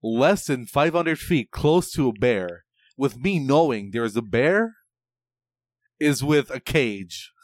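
A young man jokes through casual chat, swearing freely and stumbling over his words when excited. His voice sits at an ordinary pitch and sounds dry and close. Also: slow pace, no room sound. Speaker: podcast co-host.

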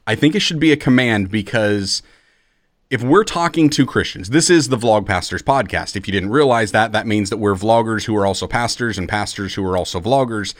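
A man's voice: fairly low pitch, brisk, dry recording. A man who is a pastor and podcast co-host, talking in an earnest, emphatic, sermon-like way. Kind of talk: podcast conversation.

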